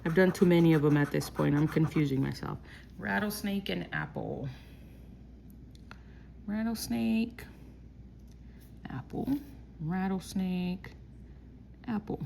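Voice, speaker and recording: A woman from Texas calmly murmuring through lottery scratch-off tickets, slowly listing each symbol as she checks. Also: fairly low pitch, gravelly, slight background noise. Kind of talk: calm scratch-off play-by-play.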